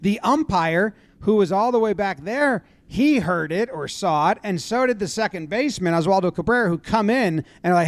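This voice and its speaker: A man giving casual play-by-play commentary on a baseball brawl clip, acting out what the players shout. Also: high voice, normal speed, hardly any pauses, dry recording. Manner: animated, acts out players' lines in loud voices.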